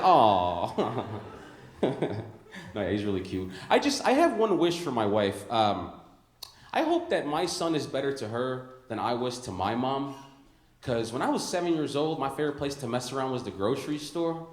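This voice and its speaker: Animated young comedian from Chicago. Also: male voice, medium pitch, a little hiss or hum. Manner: animated, laughs at his own lines, says "bro" and "dude". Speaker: stand-up comedian. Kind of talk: stand-up comedy set. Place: comedy club stage before a live audience. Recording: roomy club sound.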